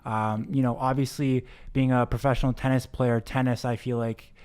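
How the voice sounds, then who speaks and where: A man hosting an interview show, relaxed and conversational, who talks around his questions before asking them. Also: mid-range voice, normal speed, smooth. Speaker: podcast host. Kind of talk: casual interview.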